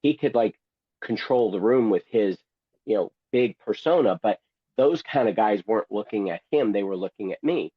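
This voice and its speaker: A man's voice: lowish voice, lively intonation, normal speed, slightly rough, no room sound, highs cut off. A man who is a guest and memoir author, telling a story theatrically and with humor, acting out other people's voices. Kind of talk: storytelling, reading from his memoir.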